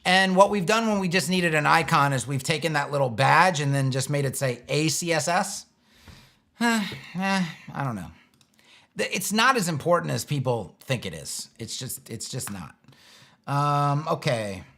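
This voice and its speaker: A man's voice: fairly high pitch, expressive, measured pace, vocal fry, pushed and bright. A man hosting a live web design stream, answering chat questions in a rambling, exasperated, joking way. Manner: rambling, exasperated, restarts and wry jabs. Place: home studio, seated in a chair.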